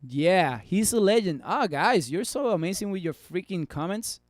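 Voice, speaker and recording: A man hosting a casual stock market livestream, reading chat comments in an excitable, joking way and dropping Spanish words into his English. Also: sits high, moderate pace, heavy background noise. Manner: excitable, joking, swings between loud and muttered.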